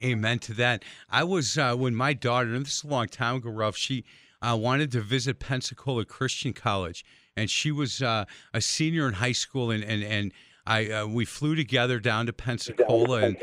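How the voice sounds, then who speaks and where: A man hosting a radio interview, telling stories in an animated way with many restarts. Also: medium pitch, dry recording, clean studio sound. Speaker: radio show host.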